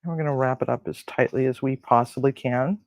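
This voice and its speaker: In a home kitchen, a cooking show host gives a casual demonstration, rambling with crude jokes and plenty of fillers. His mid-range voice comes fast, and the recording is dry and low in quality.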